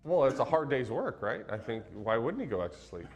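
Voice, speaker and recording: A man from Western Kansas giving a relaxed, chatty Bible teaching, laughing easily and filling pauses with ums. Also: medium pitch. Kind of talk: casual Bible teaching chat.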